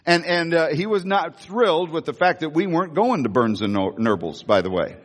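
A man's voice: fairly high pitch, lively intonation, a little fast, in a large hall. An older man, a grandfather and pastor, preaching a sermon in a church in a folksy storytelling way, often restarting his phrases. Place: church sanctuary.

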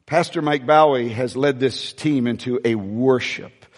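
A male pastor preaching a sermon in a large church, with emphatic peaks and quieter asides. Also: mid-range voice, unhurried. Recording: long church hall reverb.

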